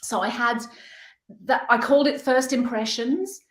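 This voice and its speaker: Middle-aged female interview guest from the UK; reflective, searching delivery, higher register, reverberant room. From United Kingdom. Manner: earnest, reflective, halting as she searches for words. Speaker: guest artist. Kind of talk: personal storytelling interview. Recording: echoey room.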